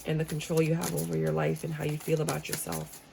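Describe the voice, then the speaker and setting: A woman doing a casual tarot reading, blunt and joking, acting out how people react in a lively way. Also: low voice, fast talker, creaky, slight background noise, low-quality recording. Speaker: tarot reader. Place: room with a squeaky chair.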